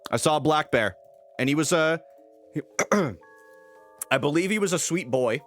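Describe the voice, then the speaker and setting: A man's voice: fairly high pitch, expressive, a little slow, soft background music. A young man chatting casually on a live stream, greeting viewers and rambling with fillers.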